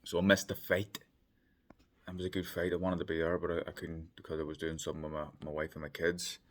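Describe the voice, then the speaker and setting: A man's voice: low voice, level tone, fast. A man giving a casual vlog recap of a boxing fight from a hotel room, chatty and thinking aloud with lots of ums. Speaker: boxing pundit.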